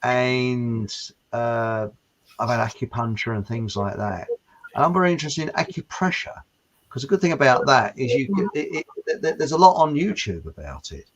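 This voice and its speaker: A man's voice: mid-range voice, lively intonation, moderate pace, muffled recording. A man with a Home Counties English accent hosting a casual chat show, rambling and hesitant with many fillers and restarts. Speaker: host.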